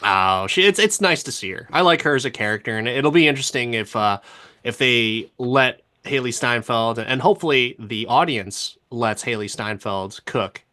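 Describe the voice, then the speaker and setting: A man co-hosting a podcast, chatting casually and eagerly about episodes he enjoyed. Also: medium pitch. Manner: enthusiastic, animated, quick to laugh. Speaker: podcast co-host. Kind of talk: casual review chat.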